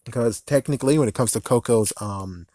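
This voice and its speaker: A man's voice: mid-range voice, fairly quick, dark tone, no room sound, studio quality. Man ranting in a rambling way. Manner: exasperated, rambling, self-interrupting. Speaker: vlogger. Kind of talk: casual ranting commentary.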